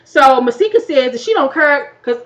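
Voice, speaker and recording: A woman recapping a reality TV episode in a blunt, profane, animated way, her voice getting worn from talking all afternoon. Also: high voice, normal speed, lo-fi sound. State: losing her voice. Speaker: YouTube reviewer. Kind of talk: casual TV recap.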